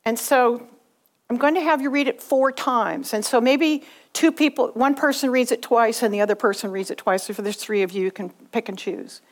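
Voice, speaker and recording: Middle-aged woman teacher from Southern California, patient and clear, a bit high-pitched. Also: moderate pace. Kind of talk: classroom instruction.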